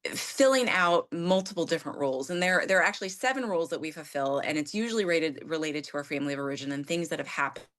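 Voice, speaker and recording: A woman in her fifties with a lowish voice talks candidly as a guest on a conversational show. She is animated and self-deprecating, and she jumps into acting out her own exasperated quotes as she tells the story. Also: fast, few pauses. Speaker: therapist and coach guest.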